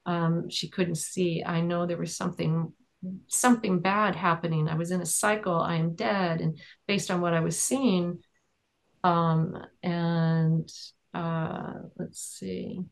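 Low, flat-voiced woman with a gravelly edge. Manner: halting, with many fillers and restarts. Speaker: trial observer and advocate. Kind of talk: recounting courtroom testimony in conversation.

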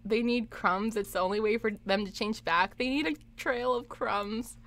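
Giggly young woman on a live game stream, kinda high voice, reads her chat out loud. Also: moderate pace. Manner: giggly, laughs often, reads chat aloud.

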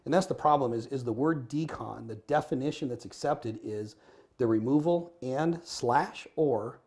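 A middle-aged man, a guest in an interview, telling stories in a lively, animated way and acting out dialogue. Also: medium pitch, normal speed. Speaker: guest, former firefighter and business owner. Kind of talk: casual interview storytelling. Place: Arizona.

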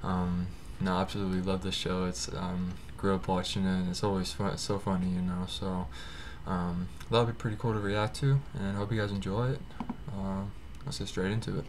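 A young adult man hosting a reaction video, talking in a relaxed way with lots of fillers. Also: deep voice, a little fast, hardly any pauses, a little hiss or hum. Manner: relaxed, filler-heavy talk. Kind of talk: casual reaction commentary.

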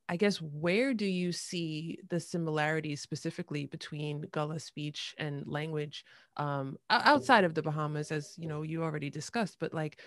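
Woman, podcast host, animated and friendly, lots of fillers, low voice, dry sound. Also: no echo. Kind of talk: casual podcast interview.

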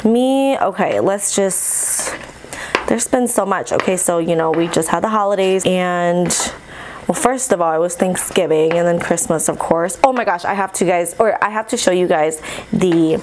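A woman chatting casually to her viewers while she cooks, bubbly and excitable, recorded on a camera mic in a home kitchen. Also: on the low side, moderate pace, background noise. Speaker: mukbang vlogger. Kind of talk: casual vlog chat while cooking.

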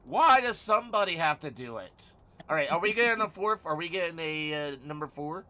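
Male streamer host, bright tense voice, a bit high, teasing and crude, casual live-stream chat. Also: lively intonation, a little fast. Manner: gives chat shout-outs.

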